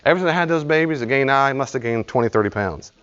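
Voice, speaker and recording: A man's voice: medium pitch, expressive, fast, fairly bright tone, dull audio, voice pushed up, lightly acted. A man voicing a grown woman who answers every suggestion about losing weight with an excuse, in a whiny, yes-but manner. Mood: complaining.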